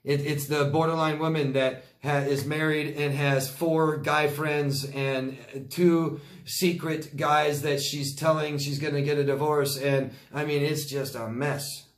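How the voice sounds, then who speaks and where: Middle-aged male coach, somewhat high voice, blunt and emphatic, casual Q&A host. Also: little pitch movement, unhurried. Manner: blunt, emphatic, repeats himself, occasional swearing. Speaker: relationship coach hosting a Q&A. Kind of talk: casual livestream Q&A answering viewer comments.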